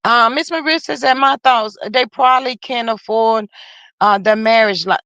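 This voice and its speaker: A woman chats her way through a live stream, reading comments and calling her viewers "y'all." Her voice sits a little high. The sound is dry and close to the mic. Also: normal speed, fairly bright tone, dry recording, muffled recording. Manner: chatty, folksy, talks straight to viewers with "child" and "y'all". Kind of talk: casual live-stream chat.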